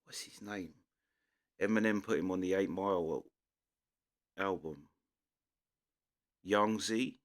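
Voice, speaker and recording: Deep-voiced London man rambling casually. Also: slow, long pauses. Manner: rambling, loose, full of restarts and fillers. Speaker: reaction video host. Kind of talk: casual commentary.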